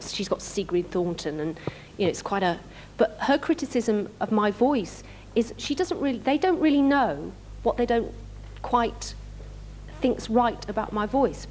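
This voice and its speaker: A woman's voice: fairly high pitch, lively intonation, normal speed, a little mellow, a little hiss or hum. A young woman with a northern English accent, talking earnestly and emphatically as a guest on a convention panel. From north of England. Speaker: guest actor. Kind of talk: fan convention panel talk.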